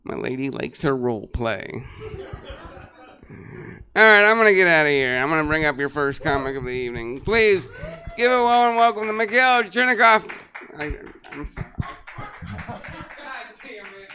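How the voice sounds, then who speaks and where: A man hosting a comedy show, doing a short stand-up bit with a halting, filler-heavy delivery before bringing up the first comic. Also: fairly high pitch, animated, sharp tone. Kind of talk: stand-up emcee set. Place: comedy theater stage, live audience.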